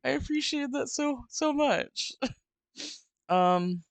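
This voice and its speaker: A woman's voice: high voice, lively intonation, takes it slowly, no room sound. A woman hosting a casual live stream, giggly and effusive. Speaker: streamer host.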